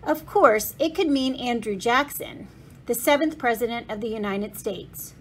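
A woman reading the part of a clever, eager schoolgirl who talks in a bright, quick, confident way. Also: on the high side, a little hiss or hum, natural voice.

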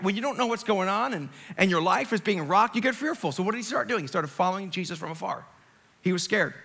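A middle-aged male pastor giving a sermon, telling the story in a lively, joking way with dramatic retellings. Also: high-pitched. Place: church sanctuary.

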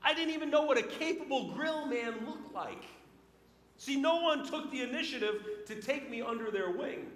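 A male pastor with a notably high voice delivers a storytelling sermon. His voice swings between loud bursts and hushed passages. The sound is roomy, with a long reverb tail from the church hall. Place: church sanctuary.

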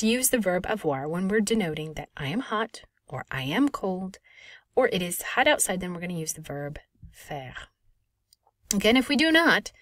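A woman in her thirties, a French teacher, explaining a lesson clearly and patiently with lively emphasis. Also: on the low side, dry recording, clean studio sound. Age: 30s. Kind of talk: recorded language lesson.

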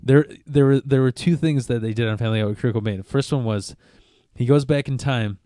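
A man's voice: mid-range voice, brisk, mellow, no room sound. A man talks loosely on a podcast, swearing and chuckling through crude stories. His voice sits in the middle range and is recorded dry and close. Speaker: podcast co-host. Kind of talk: casual podcast chat.

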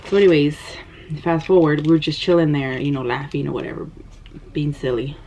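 A woman, telling a story in an animated, breathless way while eating on camera. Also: sits low, brisk, slight background noise. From United States. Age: 30s. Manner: animated, gasping, breathless retelling. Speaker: mukbang vlogger. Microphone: camera microphone. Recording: slightly dull lo-fi sound.

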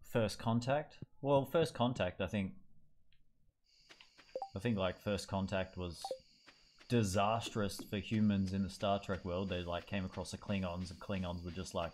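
A man's voice: low-pitched, fairly even intonation, measured pace, a little mellow, a little hiss or hum. A young man streaming a game, casually joking and teasing his live chat, laughing often.

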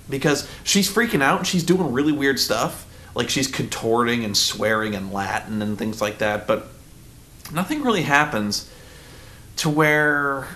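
A man in his thirties, still groggy, rambles through a casual vlog at an ordinary middle pitch. He talks in loose bursts, full of fillers and restarts, and jumps into acted-out quotes. A faint low rumble sits behind his voice. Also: fairly bright tone. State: groggy, just woken up. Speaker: vlogger reviewing a film.

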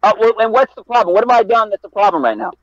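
A man's voice: high voice, racing, lo-fi sound, a crowd in the background. A man arguing heatedly on a live stream, defensive and insistent, repeating his questions. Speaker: debate guest.

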